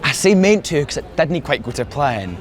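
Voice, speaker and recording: A man with a Scottish accent telling stories as a lively tour guide out on the streets. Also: moderate pace. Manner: animated storyteller, rises in pitch for punchlines. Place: outdoors on city streets.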